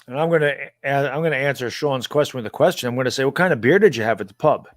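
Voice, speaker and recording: A man's voice: medium pitch, racing, no room sound, clean studio sound. A man co-hosting a casual sports talk show, blunt and full of rhetorical questions, with mild cursing as he argues about football. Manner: blunt, rhetorical, swears mildly.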